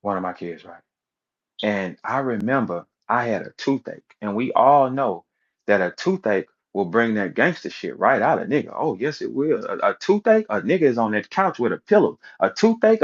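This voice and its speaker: A man giving blunt, profane commentary in an animated rant, punctuated by rhetorical questions. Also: medium pitch, moderate pace, muffled recording.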